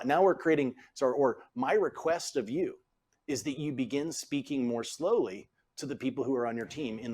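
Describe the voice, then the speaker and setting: A man in his forties, a podcast guest and author, explaining how leaders speak, acting out example phrasings. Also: mid-range voice. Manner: animated, acts out example phrasings. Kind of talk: conversational coaching talk.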